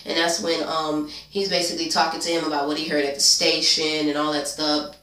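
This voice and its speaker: A woman's voice: deep voice, level tone, fairly quick, fairly bright tone. A sleepy woman, recapping a TV episode in a blunt, profane, casual way and talking back to the characters. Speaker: TV episode reviewer, channel host. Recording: echoey room, distant from mic.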